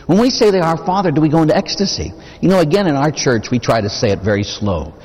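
A man's voice: fairly high pitch, very animated, quick pace, darkish tone, husky. A man preaching a sermon as a Catholic priest, talking conversationally and posing rhetorical questions to the congregation. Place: church. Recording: long reverb of a church.

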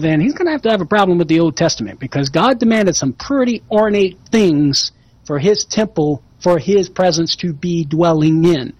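A man's voice: high voice, slightly rough, no echo. A man who is the guest expert on a call-in radio show, answering a caller earnestly and building his case step by step with rhetorical questions.

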